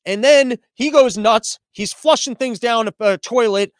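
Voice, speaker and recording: A man's voice: extremely high pitch, a little slow, no room sound, clean studio sound. A man hosting a satirical news podcast, talking in a sarcastic, rambling, mock-serious way. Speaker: podcast host.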